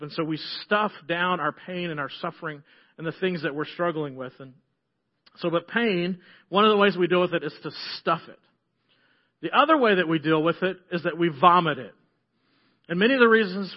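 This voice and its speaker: A middle-aged man preaching a sermon as pastor, earnest, often dropping to a soft hush on key phrases. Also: sits high, muffled recording.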